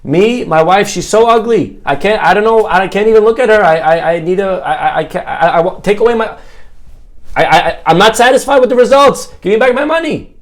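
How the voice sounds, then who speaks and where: A man putting on a panicked, stammering husband, pitched up well above his normal speaking voice and pushed louder. He rushes through his complaints in a string of frantic restarts. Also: lively intonation. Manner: stammering, yelling in disbelief. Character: frantic, exasperated newly cured husband, grown man.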